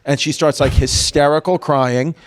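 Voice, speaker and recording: Male podcast host, a bit high-pitched, rambling storyteller who swears a lot. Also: normal speed. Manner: animated storyteller, lots of "like" and swearing. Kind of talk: casual chat.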